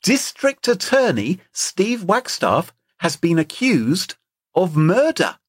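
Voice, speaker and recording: A man's voice: sits high, huge pitch swings, takes it slowly, breathy edge, no room sound, studio quality. An Englishman co-hosting a podcast, telling stories in a joking, playful way. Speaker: podcast co-host. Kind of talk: casual comedic chat.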